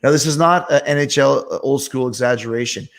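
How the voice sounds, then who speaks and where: A man hosting a show, telling animated, profane anecdotes in casual chat. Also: mid-range voice, a little fast, gravelly. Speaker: host. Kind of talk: casual storytelling.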